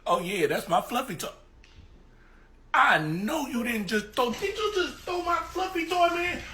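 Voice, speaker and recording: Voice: high voice, lively intonation, measured pace, background noise. A voice actor voicing a small, short-legged male pet that pleads in whiny slang to be picked up and gets indignant. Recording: voice-over with music behind.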